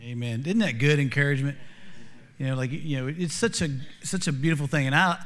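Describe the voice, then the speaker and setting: A youth pastor hosts a casual church podcast. His voice sits a bit high. He is openly emotional and rambles, restarting his sentences as he goes. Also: brisk, fairly bright tone. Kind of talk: casual podcast talk with scripture reading.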